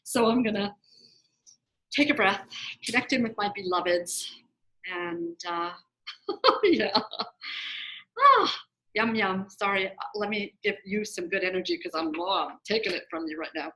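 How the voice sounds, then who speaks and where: Woman, video call, chatty, expressive, casual group check-in. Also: medium pitch, a little slow, long pauses, rough recording. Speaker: group participant.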